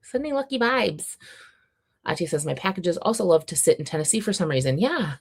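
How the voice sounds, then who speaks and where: This is a woman in her thirties hosting a relaxed reading livestream. She has a low voice and talks in a chatty, wry way, reading out viewer comments and riffing on them. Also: fairly quick, husky. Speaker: readathon livestream host.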